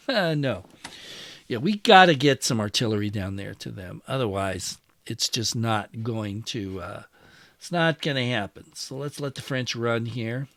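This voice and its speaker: A man's voice: medium pitch, expressive, unhurried, fairly bright tone, dry recording. A man hosting a strategy game play-through, musing aloud and talking to his units as he moves them. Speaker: wargame channel host.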